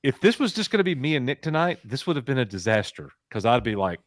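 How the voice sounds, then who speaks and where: A tired man co-hosts a casual livestream from home, joking with friends and thanking viewers. His pitch moves around a lot as he talks. The sound is close and dry. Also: sing-song, quick pace, no echo. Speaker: co-host of a fan channel stream.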